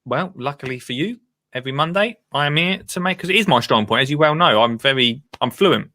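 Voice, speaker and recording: A man's voice: medium pitch, lively intonation, a little fast, bright, forceful tone. A man hosting a casual chat show, bantering and laughing often. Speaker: host.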